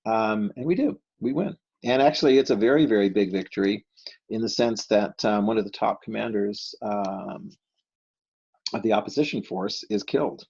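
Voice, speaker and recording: A man's voice: lowish voice, animated, a little fast, creaky, darkish tone, slightly rough. An American man teaching a history lesson in a loose, conversational way, full of fillers and rhetorical questions, sometimes acting out quotes. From United States. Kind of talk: recorded classroom lecture. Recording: dull lo-fi recording.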